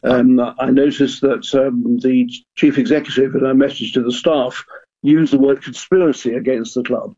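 A man's voice: medium pitch, steady tone, normal speed, warm tone, slightly rough, dull audio. An older man, a former football club chairman, speaking as a radio guest in a hesitant, earnest way and repeating words as he thinks. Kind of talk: radio discussion.

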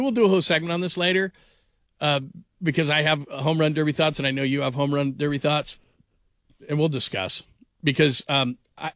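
A man hosts a sports talk radio show in a slightly higher voice, joking and rambling through stories. The sound is dry and close, like a radio studio. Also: a bit bright, dry recording. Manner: jokey, rambling storyteller. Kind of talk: casual sports radio chat.

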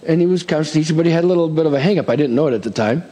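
A middle-aged man preaching a sermon as pastor, emphatic and lively, with touches of humor. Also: fairly high pitch, racing, long reverb tail.

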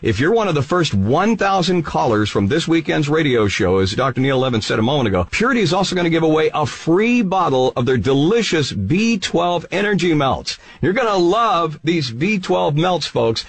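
A man hosting a radio infomercial, an upbeat pitchman who slows down to read out details. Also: slightly rough. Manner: upbeat pitchman, reads number slowly. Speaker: radio show host.

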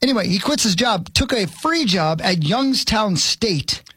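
A man's voice: high-pitched, lively intonation, a little slow, sharp tone, slightly rough, dry recording, studio quality. A man co-hosting a sports talk show, telling a rambling story and poking fun at himself. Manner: rambling storyteller, self-mocking. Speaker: radio show co-host.

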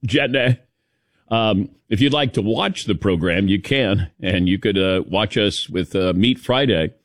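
A man's voice: on the low side, a little slow, no room sound, clean studio sound. A middle-aged man hosting a morning sports radio show, chatting casually and jokingly calling on his crew by name. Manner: lively, jokey, calls on crew by name. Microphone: studio microphone.

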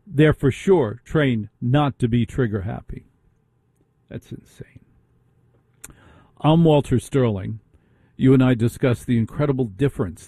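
A man hosts a talk radio show, delivering a ranting monologue packed with rhetorical questions. His voice is dark and husky. The sound is dry and close. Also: medium pitch, no room sound.

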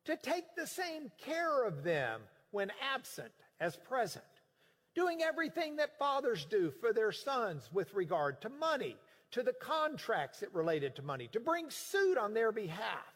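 A man teaching scripture in a sermon, explaining with emphatic, animated delivery. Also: very high voice, unhurried, long reverb tail. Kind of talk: sermon-style Bible teaching.

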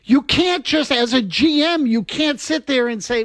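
A man's voice: extremely high pitch, animated, moderate pace, few pauses, a bit bright, no room sound, studio quality. A man co-hosting a sports talk radio show, emphatic and argumentative. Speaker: radio co-host.

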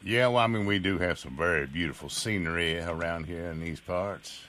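A man's voice: sits low, moderate pace, pushed and bright. A man co-hosting a radio talk show, dropping dry joking quips. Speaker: radio co-host. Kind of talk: casual on-air chat.

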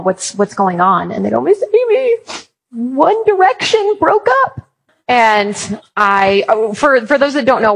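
Woman speaker, husky mid voice, jokey storyteller acting out quotes. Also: medium pitch, rough recording. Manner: humorous storytelling with acted quotes. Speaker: Christian speaker on apologetics. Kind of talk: conference talk.

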